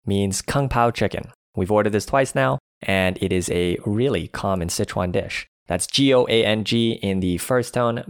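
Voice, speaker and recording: A man's voice: low voice, no room sound, clean studio sound. A man co-hosting a language lesson, explaining vocabulary plainly and spelling each word out.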